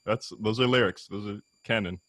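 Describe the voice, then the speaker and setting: A man's voice: fairly low pitch, steady tone, normal speed, a bit bright, no room sound. A man in casual podcast chat, hesitant and prone to repeating words. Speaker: podcast co-host.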